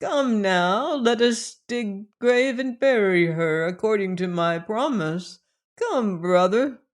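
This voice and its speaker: A man voicing a grief-stricken older seaman in an audiobook, crying out in anguish and raising his voice higher and louder. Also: animated, slow pace. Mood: broken. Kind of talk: audiobook character reading.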